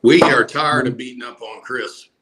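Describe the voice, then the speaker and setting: A man's voice: medium pitch, normal speed, a bit bright, a little hiss or hum. A man co-hosting a casual live stream, making short, dry, laid-back remarks. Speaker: co-host.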